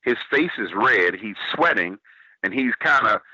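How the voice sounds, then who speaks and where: A man's voice: lowish voice, animated, measured pace, sharp tone, husky, no room sound, dull audio. A man from New Orleans with a Southern accent, telling a story on a radio show and quoting what others said to him. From New Orleans, Louisiana, US. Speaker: guest storyteller.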